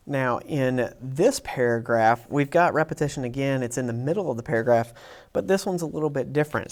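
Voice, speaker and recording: A man teaching a writing lesson over slides, talking in a relaxed way with frequent ums and restarts. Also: mid-range voice. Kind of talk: casual lecture over slides.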